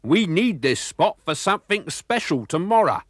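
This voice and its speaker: A man's voice: high voice, very animated, moderate pace, a bit bright, dry recording, clean studio sound, voice pushed up, heavily acted. A man voicing a rude male crook who shrieks his threats. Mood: shrill. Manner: shrieking, warning.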